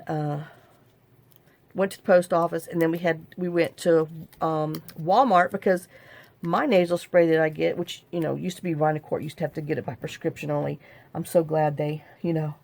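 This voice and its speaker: A woman's voice: on the low side, a little mellow. Rambling, chatty woman vlogger. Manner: rambling, chatty storytelling with frequent fillers and restarts. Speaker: crafting vlogger. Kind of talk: casual chat while crafting.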